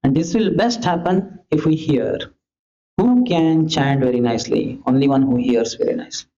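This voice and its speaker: A man's voice: medium pitch, moderate pace. Man, preacher, rhetorical, acts out calls, muffled lo-fi recording. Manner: animated, rhetorical questions, acts out shouting and pleading. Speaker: preacher giving a scripture class. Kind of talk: lecture on scripture. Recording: dull lo-fi lecture recording.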